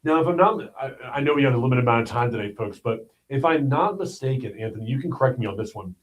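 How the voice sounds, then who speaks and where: A man's voice: mid-range voice, expressive, fast, poor audio. Man, livestream host, opinionated news talk, blunt and emphatic, mid-range voice. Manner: blunt and emphatic, with repeated "all right?" asides.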